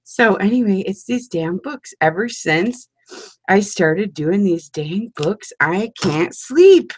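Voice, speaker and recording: A woman in her forties chatting casually with her crafting group at home, talking fast and laughing often. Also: mid-range voice, slight background noise. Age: 40s. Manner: chatty and animated, breaks into frequent laughter. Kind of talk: casual chat.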